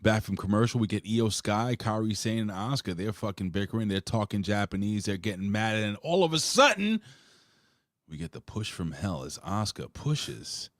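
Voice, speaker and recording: Deep-voiced cursing man hosting a recap. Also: expressive, normal speed, fairly bright tone, dry recording, clean studio sound. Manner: loose, profane, rambling recaps. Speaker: host of a wrestling review show. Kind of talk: casual live-stream chat.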